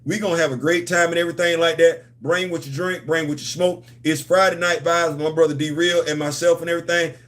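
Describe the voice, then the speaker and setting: A man's voice: a little high, fairly even intonation, fast, hardly any pauses, fairly bright tone. A man hosting a comics and culture channel, talking in a loose, playful, repetitive way with slang. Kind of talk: casual livestream chat.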